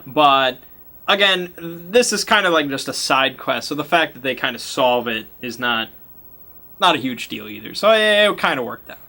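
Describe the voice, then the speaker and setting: Bright-voiced man recapping a tabletop game. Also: mid-range voice, expressive, normal speed, vocal fry. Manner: laughing, casual swearing, slangy. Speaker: game master. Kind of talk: casual retelling of a tabletop game session.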